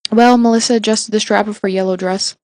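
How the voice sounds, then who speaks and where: A woman narrating fiction aloud in a mid-pitched voice. She reads evenly, with the odd slip and restart left in. The sound is dry and close, with no room around it. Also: fairly quick, no echo. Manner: even reading with small slips and restarts. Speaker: audiobook reader.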